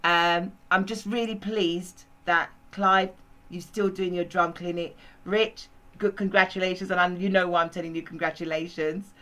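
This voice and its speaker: A woman's voice: fairly low pitch, fairly even intonation, normal speed, fairly bright tone, rough recording. A woman hosting a casual group chat, rambling and laughing easily. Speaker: host.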